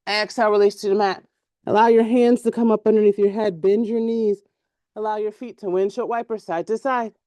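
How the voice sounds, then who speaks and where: A woman teaching a yoga class, giving calm, measured cues timed to the breath and stretching out repeated words. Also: on the high side, dry recording. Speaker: yoga instructor.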